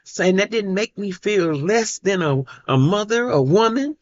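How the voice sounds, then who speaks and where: A woman's voice: medium pitch, expressive, moderate pace, hardly any pauses, a little mellow, no echo, dull audio. A middle-aged woman vlogger telling a personal story to camera in an emphatic way, repeating herself and acting out what others said. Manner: emphatic, repeats herself, acts out quoted voices.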